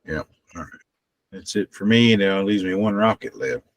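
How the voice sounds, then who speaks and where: A man's voice: deep voice, normal speed, dry recording. A man playing a tabletop game, casual and asking practical tactical questions. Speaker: player.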